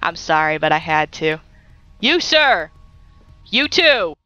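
A young woman chatters through her gameplay with silly, excitable commentary. Her voice is bright and very lively, sweeping high and low. She takes her time between bursts of jokes. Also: takes it slowly, no room sound, muffled recording, faint music behind. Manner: giggly, silly and excitable, talks to game creatures. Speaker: gaming YouTuber.

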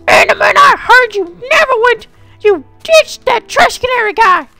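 A gamer voicing a shrill, scolding mother of a child monster in a high falsetto, snappy and dismissive. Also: animated, normal speed, pushed and bright, dry recording, faint music behind, heavily acted.

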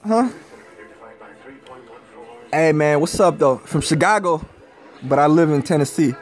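A young man from Minnesota talks to his viewers through a phone camera, slangy and swearing, circling back to the same points. His voice sits fairly high for a man, and a TV plays faintly in the room. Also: expressive, unhurried, pauses often, soft background music. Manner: slangy, swearing, rambling, repeating himself. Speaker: livestreamer. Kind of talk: casual livestream chat with viewers. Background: faint TV audio.

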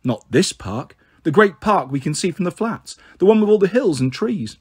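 A man's voice: high voice, animated, moderate pace, darkish tone, breathy edge, full character voice. A man voicing a young girl, a caring older sister who coaxes and reassures her siblings. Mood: coaxing.

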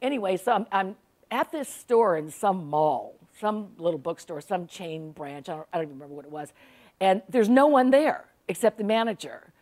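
A woman's voice: medium pitch, animated, moderate pace, a little mellow. Woman, author at a library talk, chatty, laughing, playful storyteller. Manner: chatty, laughs often, acts out quoted voices. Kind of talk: humorous storytelling to a live audience. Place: public library event room.

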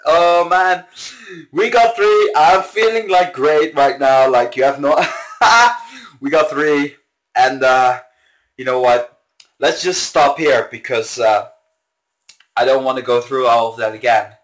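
A young man hosting a gaming video, raging and yelling in frustration, slow and exasperated between outbursts of laughter. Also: medium pitch, low-quality recording. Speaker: gaming channel host. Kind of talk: gaming commentary.

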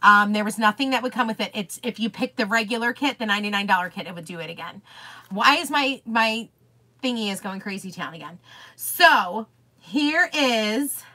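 A woman's voice: mid-range voice, animated, moderate pace, pushed and bright. A woman hosting a chatty live craft stream, greeting viewers by name and gushing over products, easily sidetracked. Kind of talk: chatty live-stream demo, reading viewer comments aloud.

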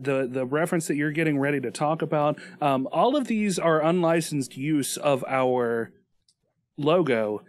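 A man co-hosting a podcast in casual chat, joking and rambling with restarts and laughs. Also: fairly high pitch. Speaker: podcast co-host.

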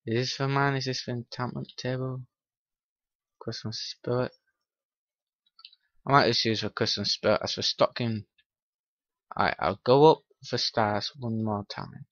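A man's voice: medium pitch, moderate pace, long pauses, a bit bright, no room sound, dull audio. A man giving casual commentary while playing a game, muttering to himself and teasing the characters on screen, with rising irritation. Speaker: gaming channel host. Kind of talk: Minecraft let's-play commentary.

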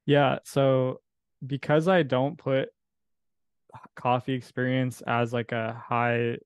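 A man's voice: mid-range voice, little pitch movement, slow pace, smooth, no room sound. A man from California, a coffee business owner, talking casually as a podcast guest, rambling with fillers and restarts.

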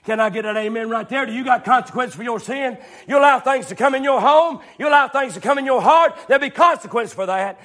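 A preacher in middle age delivers a fiery sermon in a strikingly high, piercing voice. He talks in a folksy way, circles back to the same refrains, and rises into shouts. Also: quick pace, few pauses.

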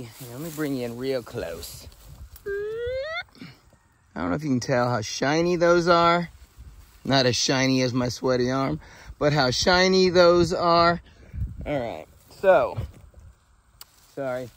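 A man casually showing how he harvests and prepares berries, talking in a folksy, rambling way full of fillers and asides. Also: on the high side. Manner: rambling, folksy, thinks out loud with many fillers. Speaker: homesteading vlogger. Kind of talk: casual outdoor how-to vlog. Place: outdoors by trees, then a kitchen.

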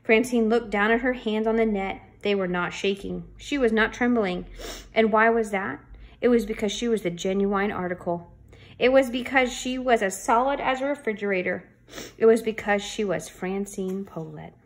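A woman reading a children's chapter book aloud, chatty asides and lively, playful changes of voice for the characters. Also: medium pitch, moderate pace. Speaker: storybook reader.

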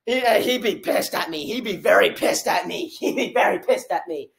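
High-pitched young man yelling on webcam. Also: lively intonation, moderate pace, gravelly, few pauses. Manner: overwhelmed, yelling, repeats exclamations. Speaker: reaction video host. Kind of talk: excited reaction commentary. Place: at home.

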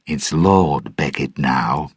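A man voicing a cold, scheming lord in a storybook reading, speaking calmly and clipped with a slightly raised voice. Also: very deep voice, takes it slowly, husky, no echo, clean studio sound, heavily acted. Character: cold scheming male lord arresting people.

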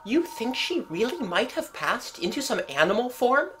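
A woman's voice: fairly high pitch, very animated, normal speed, music in the background, pitched above the performer's own voice. Woman doing a nervous genteel lady. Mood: uneasy.

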